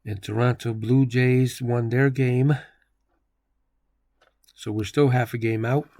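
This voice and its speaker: A man's voice: medium pitch, slow pace, dry recording, clean studio sound. A man hosting a video game channel, calling play-by-play on a baseball simulation with jokey nicknames for the players. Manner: jokey nicknames, excitable on big plays.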